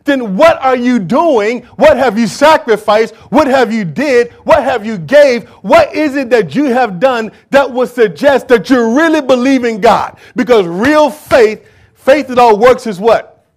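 A man preaching a sermon in church, emphatic and full of rhetorical questions, swinging from shouts to hushed asides. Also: extremely high pitch, lively intonation, unhurried.

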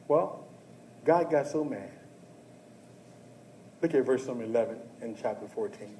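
A male pastor preaching a sermon who talks straight to the congregation and swings from hushed talk to shouting. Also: medium pitch, measured pace, long pauses, reverberant, slight background noise, poor audio. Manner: addresses the congregation directly and often.

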